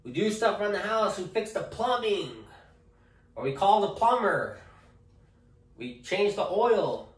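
A man's voice: sits high, big pitch swings, a little slow, pauses often, far from the mic. A man chatting casually to camera in a joking, rambling way, often tagging lines with okay. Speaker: vlogger. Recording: echoey room, off-mic.

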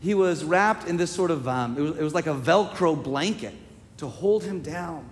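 A male pastor preaching a sermon, telling a personal story with deep emotion and building to emphatic, repeated declarations. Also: lively intonation. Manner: slow, emotional storytelling with swelling emphatic repetition. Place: church sanctuary. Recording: long reverb of a church sanctuary.

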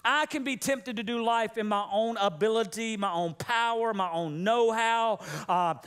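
A man's voice: high-pitched, moderate pace, clean tone. A middle-aged man preaching a humorous sermon, joking and calling for amens from the congregation. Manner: animated, joking, call-and-response with congregation. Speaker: pastor. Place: church sanctuary.

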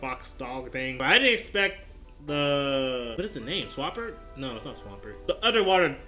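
A man giving excited live reaction commentary to an anime battle, exclaiming and laughing often. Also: medium pitch, moderate pace, soft background music.

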